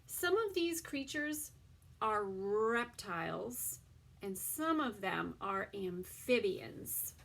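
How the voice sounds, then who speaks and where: A woman leads a toddler circle-time lesson at a very unhurried pace. She stretches each word and slips into a hushed whisper, her voice slightly breathy. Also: mid-range voice. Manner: slow, drawn-out words, often drops to a soft whisper. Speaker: preschool teacher.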